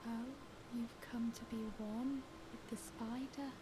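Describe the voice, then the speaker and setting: A woman voicing a frightened young game wanderer who speaks softly and hesitantly. Her voice sits fairly high, and a steady hiss runs under the game audio. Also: a little slow, close to an everyday voice. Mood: timid. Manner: soft, hesitant, fearful. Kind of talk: game character dialogue. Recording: hissy game audio capture.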